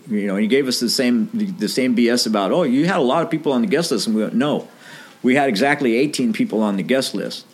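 Man telling a lively band anecdote. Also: medium pitch, quick pace. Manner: animated anecdote with quoted dialogue, laughs often. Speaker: guest telling a story. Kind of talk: casual storytelling.

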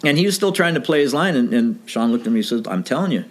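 A man's voice: medium pitch, fast. Casting: middle-aged man, mid-range voice, casual storyteller who voices the people in his story. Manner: animated anecdote with quoted dialogue, laughs often. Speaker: guest telling a story.

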